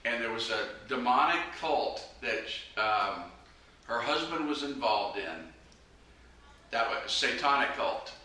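A man's voice: medium pitch, expressive, unhurried, sharp tone. A man preaching a personal testimony, earnest and urgent as he exhorts his listeners. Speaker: evangelist preacher. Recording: very echoey room, mic far off, faint noise.

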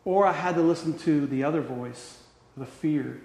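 A man preaching a sermon with passion, shifting between loud emphasis and hushed, quiet tones. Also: fairly high pitch, moderate pace, gravelly. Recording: echoey hall.

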